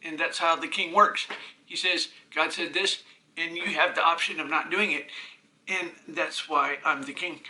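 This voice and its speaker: A man rants into his own camera in a rambling, profane flow, stumbling over restarts. His voice is bright and forceful and sits a little high for a man. A faint hiss of noise runs under it. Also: steady tone, normal speed, poor audio. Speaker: self-recording programmer. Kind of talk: rambling self-filmed monologue.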